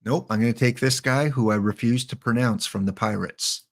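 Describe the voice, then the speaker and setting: A man's voice: mid-range voice, normal speed. A man hosting a live game stream, thinking aloud as he picks players and chatting to his viewers. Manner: thinks aloud while picking cards, mutters names; chatty asides to chat viewers. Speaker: livestream host. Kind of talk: live gameplay commentary.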